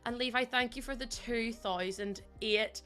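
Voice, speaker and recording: A woman's voice: a little high, fairly even intonation, moderate pace, sharp tone, soft background music. A young woman streamer chatting bubbly with her viewers while building in a game, laughing often.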